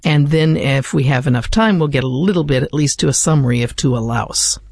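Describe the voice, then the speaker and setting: American man, thoughtful, hesitant, gravelly voice, dry sound. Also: medium pitch, fairly quick, a little mellow, dry recording. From United States. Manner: thoughtful, hesitant with many fillers. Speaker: literature guest. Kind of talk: explaining and reciting poetry.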